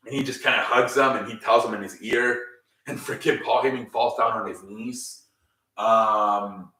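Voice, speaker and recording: A man's voice: medium pitch, pushed and bright, roomy sound, far from the mic, low-quality recording. A man hosting a casual, improvised recap show. He rambles, swears and openly shows his frustration. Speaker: host.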